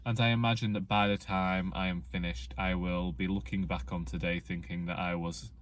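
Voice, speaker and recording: A man's voice: low-pitched, level tone, moderate pace. A man, rambling wryly and self-deprecatingly in a casual vlog, talking outdoors in the rain under a hood. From England. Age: 20s. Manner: chatty, self-deprecating, wry. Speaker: vlogger.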